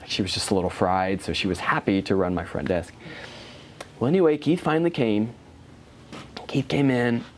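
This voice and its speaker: A man's voice: fairly low pitch, a little mellow, a little hiss or hum. A man, a health practitioner, telling a story to a small group in a conversational manner and acting out dialogue. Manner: conversational, acts out dialogue, asides to listeners.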